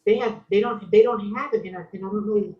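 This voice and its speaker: A woman's voice: medium pitch, fast talker. A woman co-hosts a podcast in casual chat, complaining in an emphatic, indignant way. Her voice sits in the middle range. The recording is echoey and a little dull. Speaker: podcast co-host.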